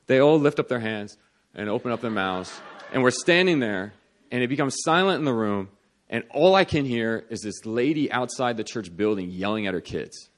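A man preaching, telling a testimony story with laughter, moving from hushed quoted prayers to loud excited outbursts. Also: mid-range voice, normal speed.

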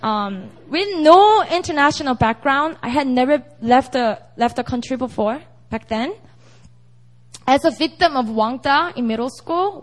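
A young woman preaches in a relaxed, chatty way, often asking her listeners if they follow. Her voice sits high and swings widely in pitch. She sounds conversational rather than formal. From South Korea. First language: Korean. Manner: chatty, with frequent "you know" and "right?". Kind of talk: casual, animated sermon.

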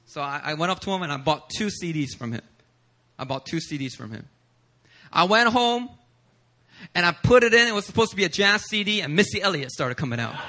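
A male pastor from Philadelphia with a high, very bright and tense voice preaches to a church congregation. He tells a story with humor and animation, acting out the other people's lines. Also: brisk. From Philadelphia, USA. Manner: animated, humorous, acts out quotes. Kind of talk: sermon with personal storytelling. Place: church service.

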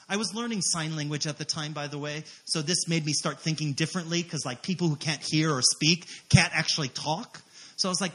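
Man, missionary preacher, sermon testimony, bright voice, higher pitch, animated, acts out quotes. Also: fast.

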